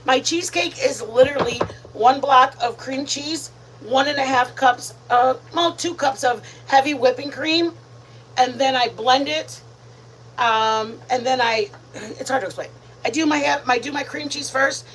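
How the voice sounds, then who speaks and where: Woman, home cooking livestream host, rambling chatty delivery, slightly high voice, faint background noise. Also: measured pace, a bit bright, poor audio. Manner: chatty, rambling, addresses viewers as "you guys". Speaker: host of a live cooking stream. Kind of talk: casual live-stream chat while cooking. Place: home kitchen.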